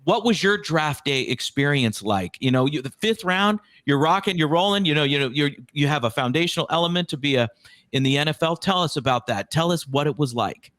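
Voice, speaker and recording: A man's voice: fairly high pitch, expressive, a little fast, a bit bright, no echo. A man in his fifties hosting a podcast interview, asking long, rambling questions and complimenting his guest with enthusiasm. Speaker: podcast host.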